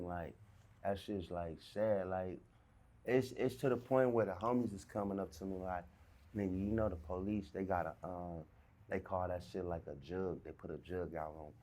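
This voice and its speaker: A man from South Central Los tells a story in a fairly low voice. He talks with swagger and heavy profanity, and he acts out both sides of each argument. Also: darkish tone. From South Central Los Angeles. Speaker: interviewee. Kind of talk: recounting a street story.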